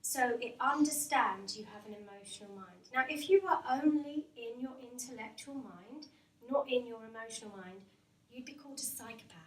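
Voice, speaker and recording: A woman's voice: a little high, normal speed, crowd noise. A woman, a hypnotherapist, giving an informal talk to office staff. She is chatty, laughs often and asks the room questions. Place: company meeting room with a live audience. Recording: roomy and distant, faint background noise.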